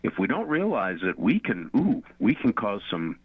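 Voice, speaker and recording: A man's voice: fairly low pitch, wildly swooping pitch, normal speed, husky, dry recording. A man on a Christian radio show, earnestly teaching and repeating phrases for emphasis. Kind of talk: conversational faith talk on radio. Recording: phone-like radio line.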